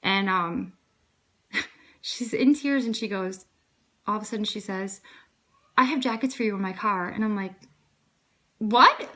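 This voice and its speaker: Bright-voiced woman telling a faith story. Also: mid-range voice, moderate pace, long pauses. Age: 30s. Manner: earnest, animated retelling with quoted dialogue and frequent fillers. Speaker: vlogger sharing a faith testimony. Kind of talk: casual storytelling.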